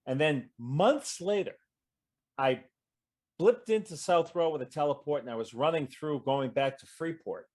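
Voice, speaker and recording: A man guest in an audience Q&A, telling animated gaming stories in casual chat and acting out what others said. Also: on the high side, normal speed. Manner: lively storyteller, acts out quoted voices, trails off mid-sentence.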